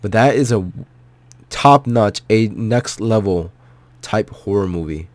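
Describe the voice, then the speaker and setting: Emotional male vlogger, near tears, low dry voice, earnest and repetitive. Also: slow pace, darkish tone, no room sound. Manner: heartfelt, repetitive, swearing. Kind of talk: emotional personal movie reaction.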